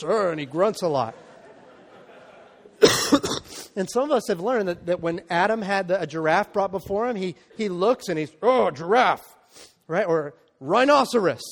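Speaking to his congregation, a high-voiced pastor preaches in a relaxed, chatty style, peppering his sermon with "right?" and "okay?" as he gauges the room. The recording has the long echo of a big church hall.

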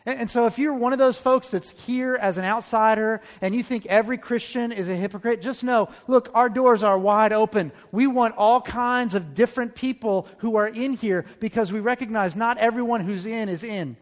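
Preaching from a church sanctuary, a male pastor with a high voice speaks in a conversational way, using quick rhetorical questions to check in with the congregation. His sermon echoes with a long hall reverb.

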